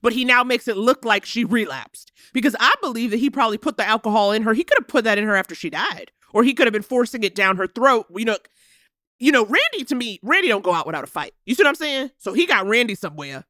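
Animated woman recapping a TV show. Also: a little high, fast, no echo, studio quality. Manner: animated and emphatic, voices characters while retelling. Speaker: podcast co-host. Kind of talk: casual TV recap chat.

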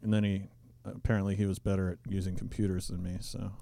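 Male co-host, relaxed low voice, mellow, dry, easygoing banter. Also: fast, gravelly. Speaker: podcast co-host. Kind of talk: casual podcast banter.

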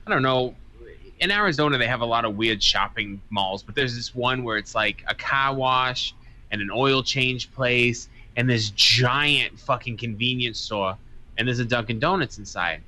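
A man's voice: mid-range voice, moderate pace, sharp tone. A man with a Boston accent, co-hosting a podcast in casual, profane, joking banter that sounds slightly angry. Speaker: podcast co-host.

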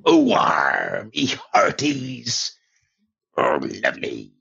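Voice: very deep voice, huge pitch swings, drawn-out words, gravelly, a bit bright, breathy edge, raised voice, full character voice. A caller putting on a hammy pirate voice with a Northern Irish accent in a voicemail. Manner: swooping, growled pirate calls. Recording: dull voicemail recording.

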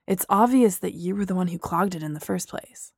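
A woman voicing a frustrated young man, an engineer, speaking in a soft, breathy half-whisper. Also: fairly low pitch, a little fast, dry recording, studio quality. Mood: exasperated.

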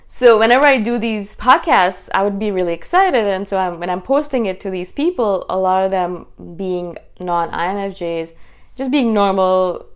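Fast-talking intense woman vlogger. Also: mid-range voice, smooth. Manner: fast, intense, animated delivery. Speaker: YouTube host. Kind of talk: casual talking-head monologue.

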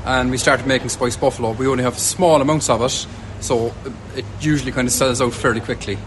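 A man's voice: mid-range voice, steady tone, fairly quick. A man, a market trader talking enthusiastically in a news interview. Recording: street noise behind.

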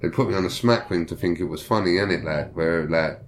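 Lively, swearing young Londoner. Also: male voice, sits low, fairly quick. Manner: profane, animated, acts out quoted voices. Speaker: guest telling prison stories. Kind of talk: casual storytelling.

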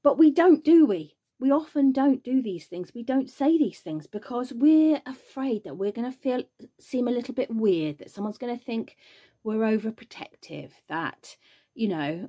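Earnest mother with a mellow voice. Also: fairly high pitch, sing-song, moderate pace. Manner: earnest, emphatic, reflective. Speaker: mother sharing her experience. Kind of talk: personal testimony.

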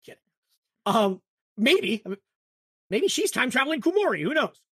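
A woman's voice: high-pitched, sing-song, moderate pace, a bit bright, husky, no room sound, clean studio sound. A woman co-hosting a book podcast in casual chat, full of "like" and restarts. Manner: chatty, lots of "like" and restarts. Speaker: podcast co-host.

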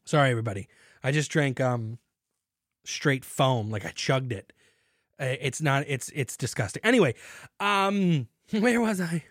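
A young man hosting a casual beer podcast, jokey and animated, swinging into mock announcer bits. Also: medium pitch, normal speed, pauses often, dry recording, studio quality. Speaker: podcast host.

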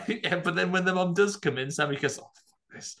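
A man's voice: high voice, fairly quick, pushed and bright. A man co-hosting a podcast, chatting casually about a film with jokey asides. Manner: laughs often, jokey asides. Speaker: podcast co-host. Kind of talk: casual film-review chat.

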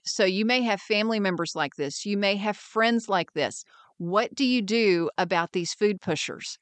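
Woman hosting a wellness podcast, lively, does little voices for quotes, dead dry mic. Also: mid-range voice, normal speed, dry recording. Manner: animated, acts out quoted friends in raised voices. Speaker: podcast host and wellness mentor. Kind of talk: scripted podcast monologue.

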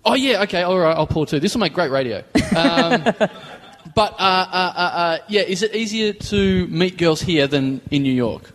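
A man's voice: high voice, animated, normal speed, a bit bright. An Australian man hosting a live comedy show, asking questions in a playful joking way. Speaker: host. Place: bar stage before a live audience.

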